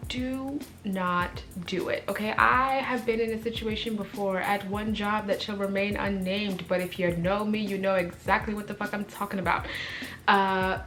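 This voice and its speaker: A woman's voice: medium pitch, fairly even intonation, moderate pace, fairly bright tone. Young woman, sassy, emphatic, casual vlog advice, faint music underneath. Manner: sassy, emphatic, repeats warnings with "okay?". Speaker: vlogger.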